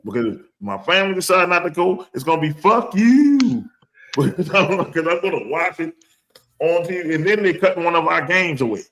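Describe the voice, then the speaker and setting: New orleans guy on a sports podcast, cusses a lot, keeps laughing, voice sits a bit high. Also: fairly quick, poor audio. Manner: profane, laughs often, animated storytelling. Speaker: podcast co-host. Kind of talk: casual chat.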